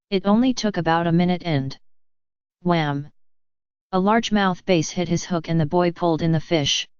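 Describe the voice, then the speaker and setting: A woman narrating a series of jokes in an even, unhurried read-aloud manner. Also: on the low side, clean tone, no room sound, lo-fi sound. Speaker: joke reader. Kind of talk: scripted joke narration.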